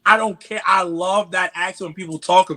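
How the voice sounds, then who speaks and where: A man from New York with a New York accent, a podcast guest in casual chat, animated and stammering through restarts. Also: sits high, moderate pace.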